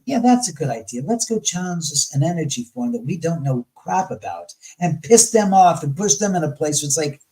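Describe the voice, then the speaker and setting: A man's voice: fairly high pitch, animated, a little fast, hardly any pauses, mellow, low-quality recording. A man talking as a guest on a talk show, telling stories in a blunt, profane way and acting out the voices of the people he quotes. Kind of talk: casual storytelling in conversation.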